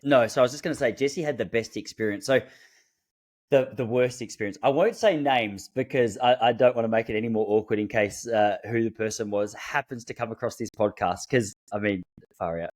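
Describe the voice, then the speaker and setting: A man's voice: medium pitch, brisk. A man hosting a podcast, telling stories animatedly in casual chat and acting out what people said. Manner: animated storytelling with quoted voices and laughs. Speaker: podcast host.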